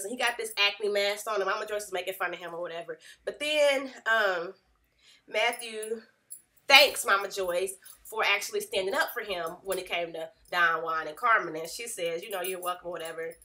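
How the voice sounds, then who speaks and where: A young woman casually recapping a reality TV episode in a chatty, gossipy, animated way. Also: medium pitch, brisk.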